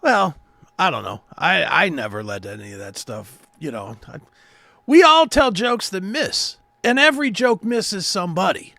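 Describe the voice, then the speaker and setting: A man's voice: high voice, sing-song, normal speed, gravelly, sharp tone, no echo. A man co-hosting a podcast in casual chat, an agreeable sidekick who chuckles along. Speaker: podcast co-host.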